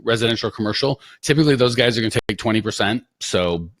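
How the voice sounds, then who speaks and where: A man's voice: fairly low pitch, quick pace, fairly bright tone, dry recording. An American man, a business coach guest on a webinar, talking casually with teasing jokes and then earnest advice over a video call. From United States.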